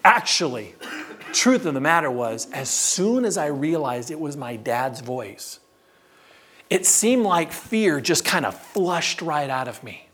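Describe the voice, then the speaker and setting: A man telling a personal story in a sermon to a live audience. He is humorous and animated, and he varies his delivery a lot. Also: on the high side, slow pace. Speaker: preacher.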